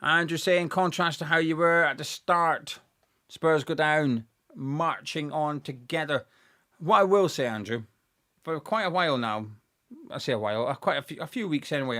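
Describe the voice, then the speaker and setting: A young man, talking fast and excitedly as he commentates live on a football match for viewers. He chats informally, thanks viewers by name and reacts to the play. His voice sits a little high for a man. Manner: excitable, chatty, reads out viewer messages. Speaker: fan channel host.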